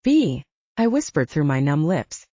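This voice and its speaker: In a low, mellow voice, a woman narrates a first-person audiobook, her pitch moving a great deal as she tells the story with real animation at a normal speed. The recording is dry and close with no echo, and it has a slightly dull, lo-fi quality.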